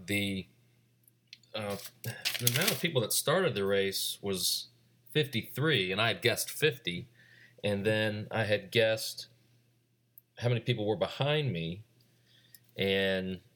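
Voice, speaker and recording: A man in his forties with a deep, slightly bright voice recaps his own race solo, wandering loosely from point to point. He is unhurried and rambling, pausing often with "uh" and restarting his sentences.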